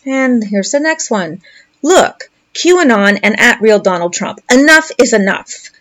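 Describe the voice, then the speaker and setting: A woman's voice: fairly high pitch, lively intonation, measured pace, a bit bright. A woman commentator reading posts aloud and commenting on them in a sarcastic, mocking way.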